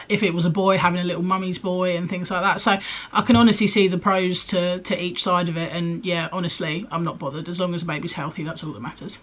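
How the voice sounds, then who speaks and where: A pregnant young woman with a lowish voice answers questions for her vlog, talking fast in a steady tone. Her casual chat rambles, with frequent ums and likes.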